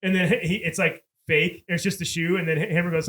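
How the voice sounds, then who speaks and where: A man's voice: high voice, steady tone, fairly quick, few pauses, a bit bright. A man co-hosting a movie podcast, casually retelling scenes and quoting the characters. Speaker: podcast co-host. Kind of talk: casual chat.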